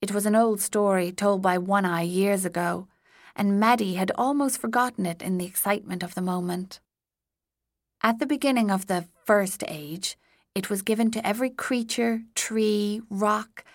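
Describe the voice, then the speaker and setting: A woman narrating an audiobook in a measured storytelling manner. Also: mid-range voice, dry recording, clean studio sound.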